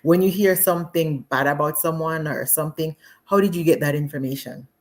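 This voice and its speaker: A Jamaican woman speaking as a guest in a casual live interview, animated and laughing often, with many fillers. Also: low voice, brisk, slight background noise. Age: adult with children.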